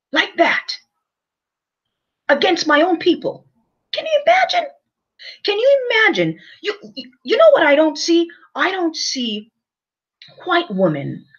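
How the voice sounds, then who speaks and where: Woman vlogger, high husky voice, wildly swinging delivery, theatrical and repetitive; dull lo-fi recording. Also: fairly bright tone. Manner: emphatic and theatrical, repeats phrases, rhetorical questions. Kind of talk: ranting monologue to camera.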